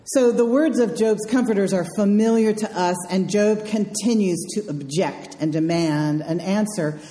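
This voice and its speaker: Woman pastor preaching, mellow low-key tone, dry jokes, big roomy hall echo. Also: unhurried. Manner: wry, dryly humorous asides. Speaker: minister. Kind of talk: conversational sermon. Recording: echoey hall sound.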